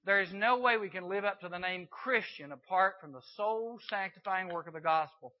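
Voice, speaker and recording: A man's voice: high voice, moderate pace. A man preaching a sermon to a youth group, telling a Bible story and acting out the characters in dialogue. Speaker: youth speaker. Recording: dull lo-fi recording.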